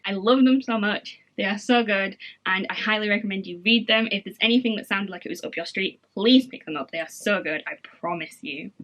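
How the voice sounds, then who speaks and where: A young woman chats to camera about the books she loves, gushing and enthusiastic with plenty of fillers. Her voice is bright and forward, with middling pitch. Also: poor audio. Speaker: book reviewer. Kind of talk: casual chat to camera.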